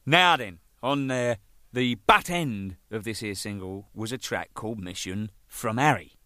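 A man's voice: lowish voice, measured pace, bright, forceful tone, no echo, studio quality. A man telling casual stories about his time as a band's drummer, swearing freely and acting out the people in them. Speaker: drummer telling band anecdotes. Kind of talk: casual anecdotal storytelling.

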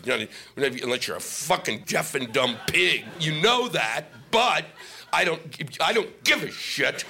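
A man's voice: mid-range voice, expressive, moderate pace, gravelly, sharp tone. A man doing a live stand-up comedy set, ranting and sarcastic, heavy on profanity. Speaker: stand-up comic. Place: live comedy venue with laughing audience. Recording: live set with audible audience noise.

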